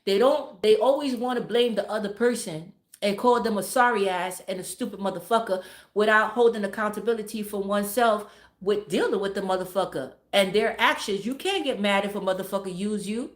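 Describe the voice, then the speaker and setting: A woman's voice: medium pitch, moderate pace, reverberant. A woman hosting a livestream, giving blunt, heavily profane relationship advice to her viewers and repeating words for emphasis. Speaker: livestream host talking to viewers. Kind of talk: casual livestream advice talk.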